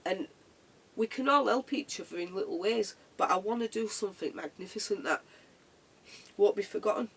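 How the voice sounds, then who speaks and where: Vlogger talking from the heart, raspy husky voice, repeats stuff, sounds a bit far off the mic. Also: medium pitch, normal speed, fairly bright tone. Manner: earnest, reflective, repeats phrases. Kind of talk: heartfelt motivational monologue.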